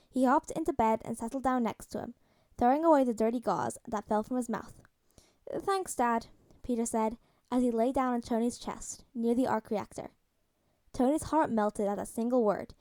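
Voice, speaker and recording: A woman narrating a fan audiobook in a calm, even storytelling manner. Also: a little high, dry recording.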